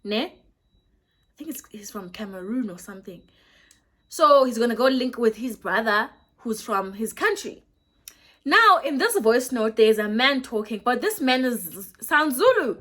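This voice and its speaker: A young South African woman in her twenties, telling a story in a casual vlog, lively and switching between English and Xhosa. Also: a little high, a little slow. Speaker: YouTuber.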